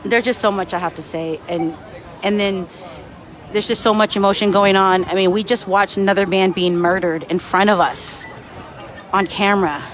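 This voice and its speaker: A man's voice: sits high, steady tone, moderate pace, a bit bright, some chatter behind. A man livestreaming from a street protest, angry and profane, answering chat comments. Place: outdoors on a city street. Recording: faint street and traffic noise.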